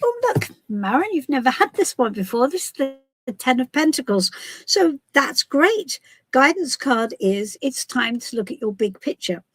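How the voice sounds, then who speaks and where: A woman's voice: sits high, very animated, normal speed, fairly bright tone, poor audio. A woman from the UK hosting a casual live stream as a tarot reader, chatty and giggly with many restarts. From United Kingdom.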